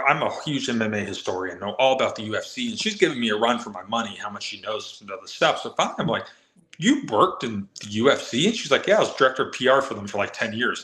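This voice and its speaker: Excited man telling a story, roomy sound. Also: mid-range voice. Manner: excited, fast anecdote-telling with acted quotes. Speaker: guest MMA reporter. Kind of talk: animated storytelling on a live show.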